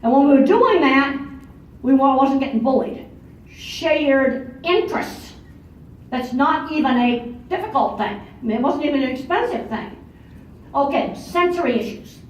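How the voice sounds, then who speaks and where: A woman's voice: sits high, a little mellow. An older woman giving a conference talk in a blunt, matter-of-fact, emphatic way, heard from a distance in a large lecture hall. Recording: far-off echoey hall, dull lo-fi audio.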